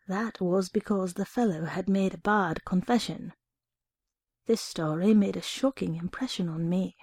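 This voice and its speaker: A woman reading a short story aloud in an expressive first-person narration. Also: lowish voice, a little slow, slightly rough, no echo, clean studio sound.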